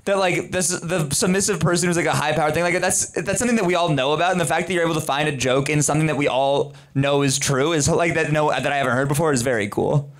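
A man's voice: fairly high pitch, fairly even intonation, fast. A man hosting and judging a comedy competition in a club, talking casually with a lot of fillers. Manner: casual, hesitant, lots of fillers. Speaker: comedy competition host and judge. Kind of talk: judge's feedback and hosting. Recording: noisy live club recording.

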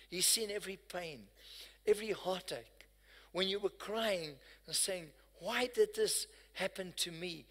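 A man, preaching an impassioned sermon that swings between quiet, tender passages and loud declarations. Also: on the high side. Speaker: pastor. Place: church sanctuary. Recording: church hall with long reverb.

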